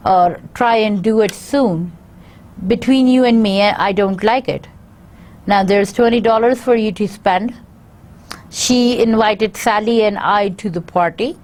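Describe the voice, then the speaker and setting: A woman university lecturer, reading through slides in a halting way with frequent filler pauses. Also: mid-range voice, a little mellow. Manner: halting, many filler pauses, reads out word lists.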